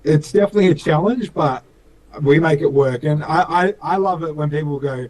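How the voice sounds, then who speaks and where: A man's voice: on the high side, fairly quick, a little mellow, low-quality recording. A young Australian man, a speedcar driver, chatting in an interview with many fillers and restarts, acting out little dialogues. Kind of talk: casual interview chat.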